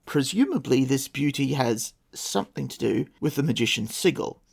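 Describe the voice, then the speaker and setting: A man's voice: mid-range voice, lively intonation, normal speed, vocal fry, husky. A man casually retelling an old folktale with wry, sarcastic asides as a podcast host. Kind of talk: casual storytelling with commentary.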